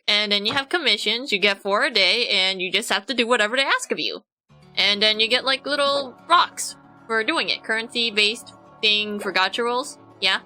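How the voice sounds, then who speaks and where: Woman, streamer, casual gameplay commentary, rambling chatty explanations, slightly high voice, faint music behind. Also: sharp tone, poor audio.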